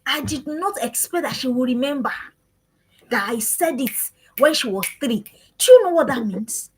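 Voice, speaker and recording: Parenting speaker, woman, 30s, high breathy voice, repetitive sermon-like emphasis. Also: expressive, normal speed, low-quality recording. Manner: earnest, repetitive preaching cadence. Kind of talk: live-streamed parenting talk.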